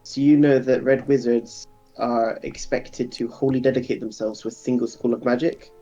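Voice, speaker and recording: A man as game master of a tabletop game, explaining lore with frequent ums and pauses. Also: mid-range voice, little pitch movement, mellow, lo-fi sound, soft background music.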